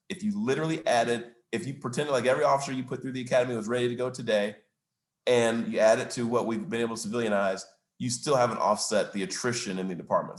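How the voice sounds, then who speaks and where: A man speaking as a city mayor at a business event, answering questions in an emphatic, argumentative way and stressing facts and figures. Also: lowish voice. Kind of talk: public Q&A answer. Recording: roomy, echoey room.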